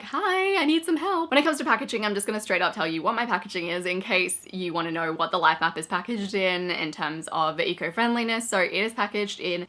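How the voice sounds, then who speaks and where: Bright-voiced chatty woman vlogger. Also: on the low side. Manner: excited, chatty, rambling with many "like"s. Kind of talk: casual talk to camera.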